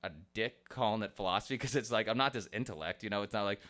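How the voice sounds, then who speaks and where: A man's voice: on the low side, steady tone, fast, hardly any pauses, fairly bright tone, clean tone. A man hosting a podcast in casual chat, rambling with many restarts, swearing and laughing easily. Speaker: podcast host.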